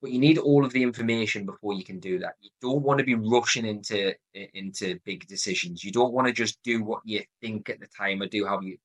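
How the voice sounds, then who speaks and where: A man's voice: on the low side, a bit bright, poor audio. A man with a Geordie accent hosting his own podcast, explaining a decision method in an earnest coaching way that repeats the key points. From North East England. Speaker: podcast host. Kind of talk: solo podcast advice talk.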